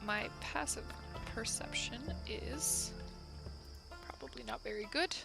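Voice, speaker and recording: A woman's voice: on the high side, slow, gravelly, loud music behind the voice. A woman playing a tabletop role-playing game, playful and sometimes dropping into a sneaky whisper. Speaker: player.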